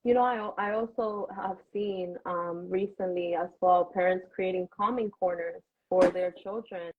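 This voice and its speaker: A woman's voice: on the low side, fairly even intonation, measured pace, slight background noise. A woman guest, a mother, talking earnestly and reassuringly in a remote interview. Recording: tinny phone-like call line.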